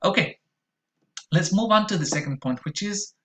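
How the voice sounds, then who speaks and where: A man's voice: high-pitched, lively intonation, normal speed, fairly bright tone. Patient man teaching pronunciation. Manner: explanatory, patient, models sounds aloud. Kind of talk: recorded video lecture.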